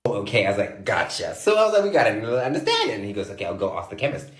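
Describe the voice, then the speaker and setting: A man's voice: lowish voice, huge pitch swings, rapid-fire, echoey room. A man telling a story to camera who acts out both sides of a conversation. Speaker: TikTok creator.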